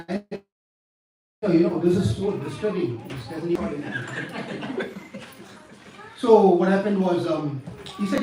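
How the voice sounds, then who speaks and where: High-voiced guy preaching a story, booming echo, far from the mic. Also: measured pace, long pauses, slight background noise. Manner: animated, dramatic retelling. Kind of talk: devotional sermon storytelling. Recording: echoey hall from far off.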